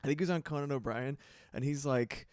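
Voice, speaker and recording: A man's voice: mid-range voice, quick pace, a little mellow, dry recording, clean studio sound. A man chatting casually on a livestream while he builds sounds, rambling, laughing often and swearing. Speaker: streamer and music producer.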